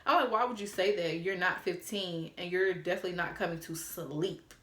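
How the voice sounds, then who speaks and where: A woman in her twenties telling a story to camera, animated and profane, laughing as she acts out old text messages. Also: on the low side, brisk, reverberant. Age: 20s. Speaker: storytime vlogger.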